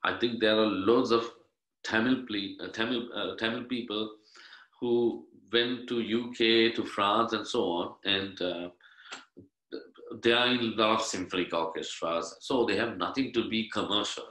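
A man from Sri Lanka speaks in a bright, forward voice. He chats casually and rambles, full of uhs and restarts. His voice rings in an echoey room. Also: on the low side, measured pace. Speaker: guest musician. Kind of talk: casual interview chat.

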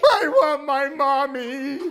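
Tiny baby owlet, very high squeaky whine, tearful and small, as a woman puts him on. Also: lively intonation, slow pace, a bit bright, heavily acted. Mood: whimpering. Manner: squeaky, whiny wail. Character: tiny baby owl boy, whimpering for mother.

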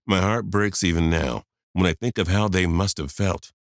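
A man's voice: low-pitched, normal speed, no echo, clean studio sound. A man in his fifties narrating a first-person story, confiding and talking straight to the listener.

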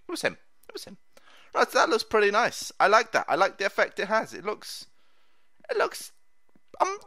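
A chatty man gives gameplay commentary in a playful, mock-boastful tone. His pitch swings widely and his voice is bright and forward. The recording is close and dry. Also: clear, resonant tone, dry recording. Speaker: let's play host.

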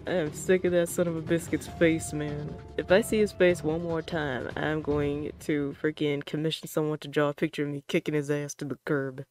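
A VTuber streamer in casual live game-stream commentary, rambling and joking with lots of fillers and minced oaths, and bursting into excited yelling during gameplay. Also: mid-range voice, normal speed, hardly any pauses, faint music behind.

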